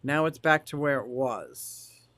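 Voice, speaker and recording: A chatty, excitable man livestreaming from his home fish room into a directional mic, talking to viewers while fiddling with his gear. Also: mid-range voice, slow. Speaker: aquarium hobbyist livestreamer. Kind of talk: casual live stream chat to viewers. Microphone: directional microphone.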